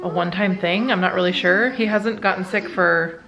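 A woman's voice: on the low side, fairly even intonation, normal speed, a crowd in the background, low-quality recording. A woman in her thirties chatting casually to camera at home as a vlog host, rambling with lots of filler words. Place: family home at dinner time.

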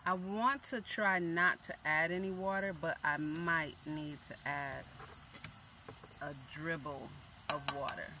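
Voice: mid-range voice, steady tone, slow pace. A cooking vlogger chatting casually and playfully at home while cooking, teasing themself along the way. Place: home kitchen. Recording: noisy kitchen with frying sizzle. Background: sizzling pan and stirring.

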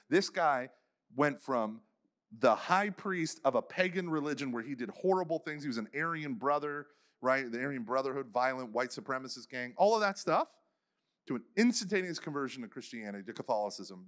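A man's voice: medium pitch, expressive, a little fast, a bit bright. A man giving a faith conference talk, telling stories casually with many "like" fillers and acting out the people he quotes. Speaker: conference speaker.

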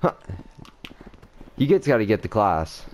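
A man's voice: on the low side, big pitch swings, measured pace, a little mellow, a little hiss or hum. A man gaming online, playing a mock-stern, exasperated teacher and laughing often. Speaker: gaming video host. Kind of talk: playful teacher role-play in online game chat. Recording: busy online voice chat with many players.

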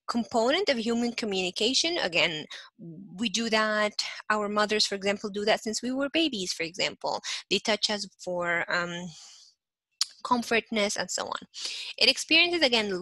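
A young woman teaching a lecture in a bright, clear voice. She keeps saying "again" and breaks into little acted-out examples. The sound is dry and close, with no room echo. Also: medium pitch. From not from Canada. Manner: repeats "again" and restarts often, acts out short examples. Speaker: instructor. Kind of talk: recorded lecture.

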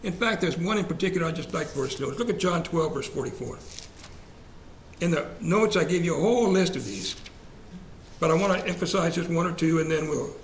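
A man with a brisk, somewhat high voice leads a church Bible study conversationally, repeating verse references and putting questions to the group. The recording has room echo and a faint ambient hiss.

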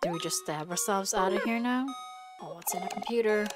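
A woman's voice: mid-range voice, brisk, music in the background. A woman streaming a video game, reacting to it with jokes and lots of giggles. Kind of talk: let's play commentary.

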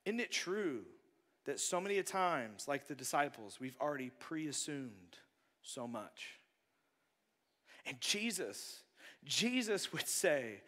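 A man preaching a conversational sermon as pastor, moving between loud bursts and hushed near-whispers. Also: a little high, big pitch swings, slow. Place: church sanctuary. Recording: long church hall reverb.

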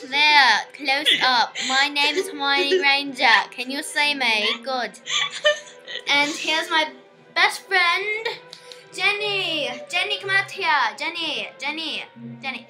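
Girl playing a bubbly schoolgirl witch, giggly, high bright voice. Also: takes it slowly, faint music behind, heavily acted, rough recording. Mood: excited. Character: eager schoolgirl witch, chatty and excited.

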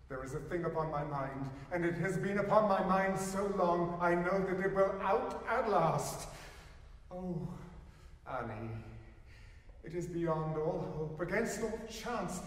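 A man voicing a humble, patient man in love who speaks gently and earnestly, recorded live from afar in a roomy hall. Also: high voice, far from the mic.

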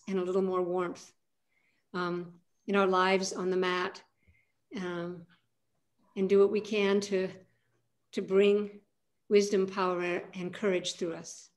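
Calm older woman guiding a breathing practice. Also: medium pitch. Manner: calm, soft-spoken guidance with frequent pauses. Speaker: aikido teacher leading a centering practice. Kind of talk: guided practice and talk on a video call. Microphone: video call.

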